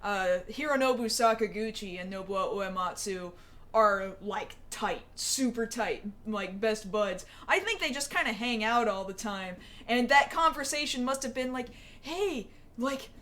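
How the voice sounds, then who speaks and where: A woman's voice: medium pitch, animated, normal speed, a bit bright. A young woman hosting a casual chat show, rambling and chatty with plenty of fillers. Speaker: show host.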